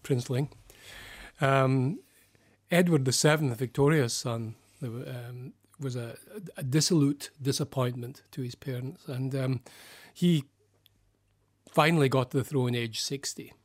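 A man with a Scottish accent, a clinical psychologist guest, explaining things in a thoughtful, halting way on a radio interview. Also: mid-range voice.

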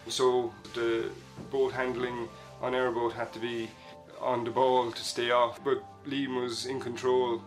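A man's voice: mid-range voice, level tone, measured pace, few pauses, soft background music, low-quality recording. A man, a lifeboat crewman, talking in a casual, conversational way. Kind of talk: interview.

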